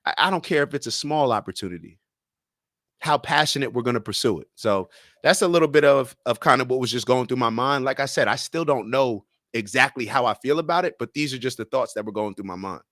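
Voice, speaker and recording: A man's voice: mid-range voice, fairly quick, a bit bright, dry recording, studio quality. A young man hosting a casual livestream, reading viewer comments aloud and arguing his points with sports comparisons. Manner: argumentative, uses sports comparisons. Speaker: livestream host.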